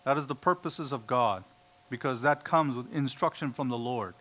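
A man's voice: medium pitch, normal speed, a bit bright. A man preaching a sermon, emphatic, quoting scripture and acting out the voices of doubters. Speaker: pastor.

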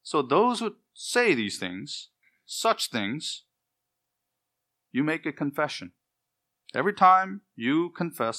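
A man's voice: medium pitch, expressive, normal speed, fairly bright tone. A middle-aged man preaching an expository sermon, earnest and emphatic, building his points in repeated lists.

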